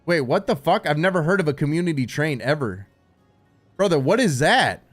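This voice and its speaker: A man live-streaming while gaming, excitable and swearing a lot, stammering through restarts and calling everyone dude and bro. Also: on the high side, moderate pace, faint music behind. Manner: stammering restarts when overwhelmed.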